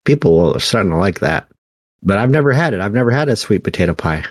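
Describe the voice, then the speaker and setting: A young man co-hosting a podcast in relaxed, rambling chat, often laughing and restarting his sentences. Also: on the low side, quick pace, breathy edge, no room sound, clean studio sound. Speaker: podcast co-host. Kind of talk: casual chat.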